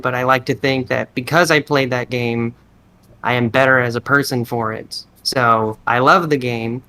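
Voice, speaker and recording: A man's voice: mid-range voice, pushed and bright. A man on a podcast chatting casually, rambling and restarting his sentences as he gathers his thoughts. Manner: rambling, self-interrupting; restarts sentences, many fillers. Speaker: podcast co-host. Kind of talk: casual chat.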